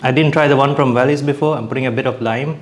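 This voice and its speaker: A man's voice: medium pitch, fairly even intonation, fast talker. A young man casually reviewing dishes as he eats, chatty and hesitant, restarting his sentences and talking with his mouth full. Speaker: food vlogger.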